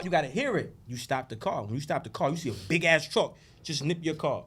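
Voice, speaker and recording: A man talks on a podcast as a guest, preaching and storytelling with a foul mouth and lots of energy. His voice sits high and leaps around a lot. He tends to drop to a murmur and then burst out loud. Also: fast talker, hardly any pauses, slightly rough. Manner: preachy, animated, profane storytelling. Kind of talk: casual podcast conversation.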